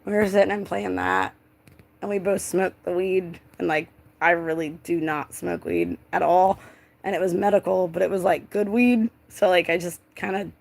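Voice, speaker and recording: A woman's voice: on the low side, steady tone, moderate pace, creaky. A young woman telling a personal story in a casual, rambling way, full of filler words and swearing.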